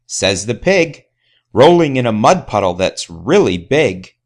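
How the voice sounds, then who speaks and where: A man's voice: mid-range voice, sing-song, measured pace. A man narrating a rhyming children's story in a playful sing-song way. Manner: sing-song, playful, imitates animal sounds.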